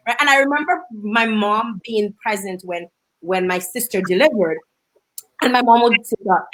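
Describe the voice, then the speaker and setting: A young woman hosts a radio talk show and tells a personal story. She acts out the dialogue as she goes. Her voice is slightly high for a woman. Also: normal speed, rough recording. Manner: animated storytelling with quoted dialogue. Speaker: radio host. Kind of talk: casual radio chat.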